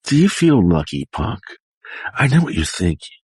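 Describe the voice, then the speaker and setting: A man doing an impression of a gruff film tough guy, low, breathy and menacing. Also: big pitch swings, normal speed, darkish tone, no room sound, heavily acted.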